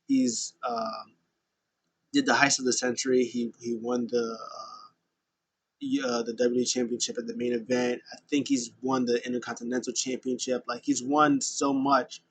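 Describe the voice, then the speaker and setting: A man's voice: mid-range voice, normal speed, fairly bright tone, slightly rough. A man hosting a podcast, casually recapping in a loose, rambling way with many fillers. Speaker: podcast host.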